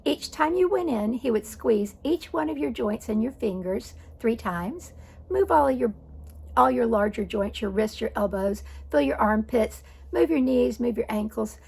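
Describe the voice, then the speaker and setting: An older woman in her sixties telling a personal story with a gravelly, husky voice pitched a little high. She speaks conversationally and with dry wit, often stopping to correct herself. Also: lively intonation, measured pace, a little mellow. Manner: conversational, self-correcting, wry. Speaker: vlogger.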